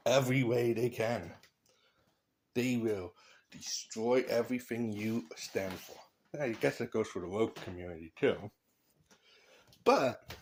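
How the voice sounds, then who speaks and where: A man's voice: mid-range voice, darkish tone, breathy edge. A man in a casual vlog, rambling through blunt opinions with loose asides. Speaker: vlogger.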